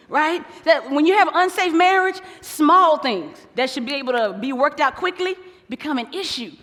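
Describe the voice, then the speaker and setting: A woman's voice: high voice, moderate pace, a bit bright. A woman preaching a sermon, playful and acting out quoted couples. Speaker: pastor's wife preaching. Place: large church hall. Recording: long church hall reverb.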